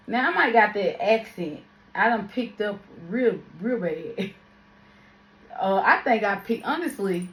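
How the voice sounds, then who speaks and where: A woman's voice: a little high, reverberant. A young woman from Louisiana, chatting casually to her viewers in a slangy, laughing vlog. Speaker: makeup artist vlogger.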